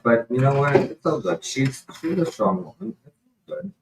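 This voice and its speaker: A man speaks haltingly and softly, stumbling over his words. He is far from the mic, and the room around him echoes. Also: medium pitch, big pitch swings, creaky, a little hiss or hum. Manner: halting, full of "like", soft-spoken. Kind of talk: casual conversation. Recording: roomy sound, distant from mic.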